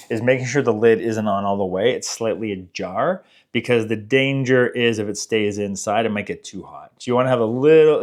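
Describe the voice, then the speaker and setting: A man hosting a cooking channel, giving friendly, chatty tips and talking straight to viewers. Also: medium pitch. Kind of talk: casual cooking tutorial.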